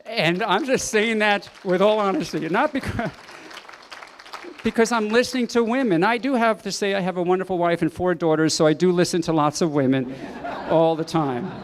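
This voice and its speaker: A middle-aged man addresses a banquet crowd as a doctor, earnest and emphatic. His voice sits a little high for a man. He drops in wry asides with a chuckle. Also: moderate pace, a little hiss or hum. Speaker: doctor giving a banquet speech. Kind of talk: public speech. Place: banquet hall.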